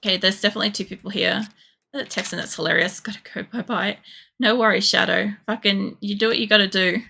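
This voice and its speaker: This young Polish streamer talks fast in a medium-pitched, steady voice that's creaky, bright, and forceful. While playing a shooter game, she rambles casually, swears liberally, and uses plenty of fillers.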